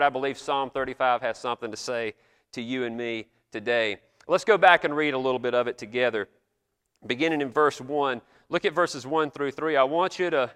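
A man preaching a sermon in a church, slowing down to read old prayers and scripture with dramatic weight. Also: medium pitch, fairly bright tone, clear, resonant tone, in a large hall. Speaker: pastor.

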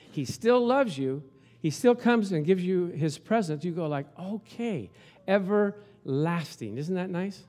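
A man in his sixties preaching a sermon in a conversational, folksy way with an Italian accent. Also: fairly high pitch. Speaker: pastor.

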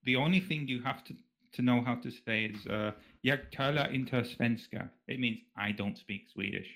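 A man's voice: mid-range voice, normal speed, vocal fry, fairly bright tone. Dry, wry male podcast guest. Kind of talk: casual podcast chat.

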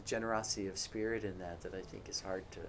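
A man with a low voice speaks on a live panel, reflective and a little hesitant. A faint noise sits under the recording. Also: steady tone, fast talker.

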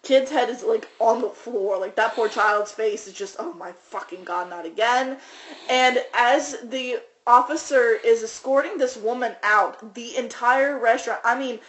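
A woman's voice: on the high side, fairly even intonation, measured pace, hardly any pauses, a bit bright. A woman co-hosting a podcast, telling a story casually, swearing and laughing often. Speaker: podcast co-host.

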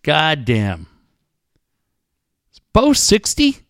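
A man's voice: a little high, huge pitch swings, very slow, a bit bright, dry recording, clean studio sound. A man co-hosting a casual podcast, guessing aloud and swearing often in loose banter. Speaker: co-host.

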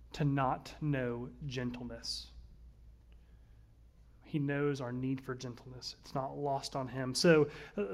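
Male pastor, 30s, earnest conversational sermon delivery, slightly raised pitch. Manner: earnest, conversational preaching with shifts between loud and soft.

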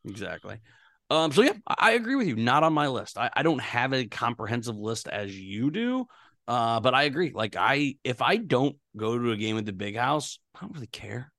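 A man co-hosting a sports podcast, relaxed and agreeable, asking his partner questions. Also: mid-range voice, moderate pace, no room sound. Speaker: podcast co-host. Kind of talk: casual sports chat.

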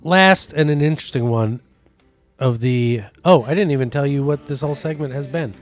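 Deadpan man hosting a comedy news bit. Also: mid-range voice, moderate pace, faint music behind. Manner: deadpan mock-newsreader delivery. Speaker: podcast co-host. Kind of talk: comedic podcast banter.

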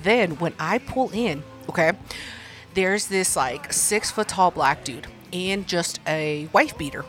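Woman, podcast co-host: loose, swearing storyteller, quick to laugh, faint music underneath. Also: lowish voice. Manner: profane, animated, laughs often. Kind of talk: casual storytelling chat.

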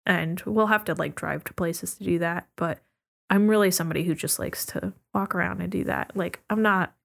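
A woman's voice: on the low side, steady tone, normal speed, vocal fry, fairly bright tone. Giggly, chatty young woman guest. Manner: chatty and giggly, laughs often while talking. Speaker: podcast guest, architecture student. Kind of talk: casual chat.

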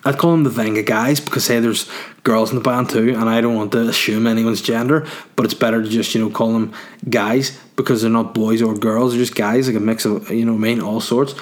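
Male comedian, crude and rambling, chuckles often, mid-pitched. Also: fairly even intonation, a little fast. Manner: crude, rambling, laughs at own jokes. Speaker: comedian answering listener questions. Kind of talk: crude comic monologue.

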